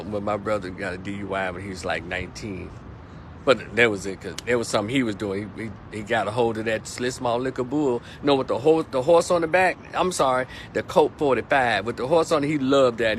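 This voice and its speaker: A man's voice: on the high side, fairly bright tone, slight background noise. A man giving an indignant, preachy opinion rant to camera, often repeating words as he restarts his sentences. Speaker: opinion commentator.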